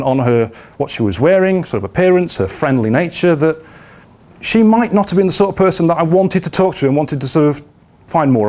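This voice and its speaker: A man from South Wales, with a South Welsh accent, gives a self-deprecating, anecdotal talk at a business networking meeting. His voice is fairly high with a darkish tone.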